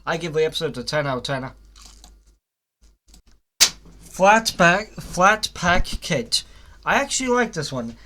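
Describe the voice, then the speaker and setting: A man's voice: on the high side, very animated, moderate pace, long pauses, noisy background. A young man giving a casual, rambling spoken review of a cartoon series, with frequent fillers, restarts and blunt swearing.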